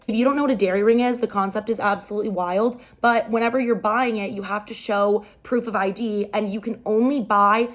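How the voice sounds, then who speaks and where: A young woman retelling a story aloud in a chatty, animated way. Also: mid-range voice, fairly quick, few pauses.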